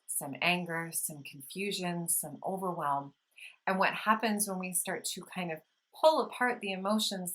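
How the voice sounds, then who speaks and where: A woman vlogger gently explaining calming practices in a soothing, unhurried talk, with audible sighs when she demonstrates breathing. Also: fairly low pitch, rough recording. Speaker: wellness vlogger. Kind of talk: casual instructional talk.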